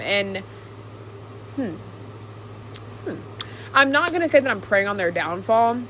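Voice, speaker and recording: A woman's voice: mid-range voice, bright, forceful tone, a little hiss or hum. A woman hosting a podcast, chatting casually and ranting with animation and plenty of fillers. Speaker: podcast host. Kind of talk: casual opinionated chat.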